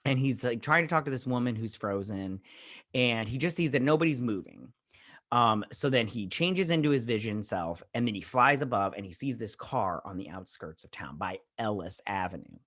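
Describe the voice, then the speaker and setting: A man's voice: mid-range voice, expressive, normal speed, a bit bright, no echo, clean studio sound. A man casually recapping a TV episode as a reviewer, rambling and retelling scenes with "I was like". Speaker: show reviewer.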